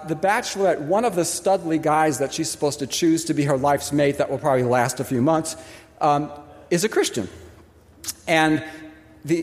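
A male pastor delivers an expressive sermon in a high, lively voice that rises and falls sharply. He stresses key words with pauses and mimics the people he quotes. The sound carries a long reverb from a large hall.

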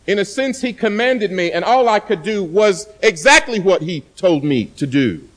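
A male pastor delivers a sermon in a loud, forceful voice pitched a little high. He leans on repeated words and slow, deliberate pauses to press his points home. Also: animated.

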